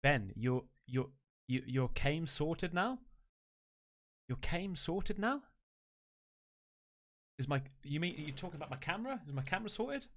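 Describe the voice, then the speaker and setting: A man, reacting excitedly on a live stream. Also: on the high side, measured pace, pauses often. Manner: excitable, exclaiming.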